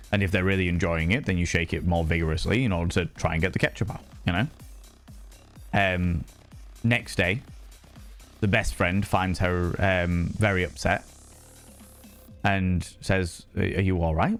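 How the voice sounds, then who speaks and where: Man hosting a casual live stream, answering chat in a loose, sweary way, with a lowish voice and faint music behind. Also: fairly even intonation, normal speed. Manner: chatty, loose, swears casually, frequent fillers.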